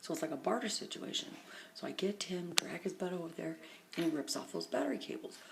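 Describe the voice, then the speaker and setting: A tired middle-aged woman vlogging from her phone, telling a long, rambling everyday story and often dropping into a hushed half-whisper. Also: on the low side, expressive, fast, vocal fry, very noisy. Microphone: phone camera.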